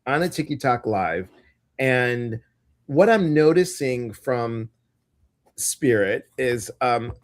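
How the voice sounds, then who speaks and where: Man, live-stream co-host, chatty and animated, mid-pitched voice. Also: slow pace. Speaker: co-host of a live intuitive show. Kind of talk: casual live-stream chat.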